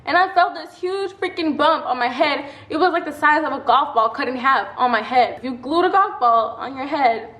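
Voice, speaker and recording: A young woman telling a personal story in a casual vlog, chatty and animated, acting out quotes and laughing often. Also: high-pitched, moderate pace, hardly any pauses, dull audio. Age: young adult. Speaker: vlogger. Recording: echoey room.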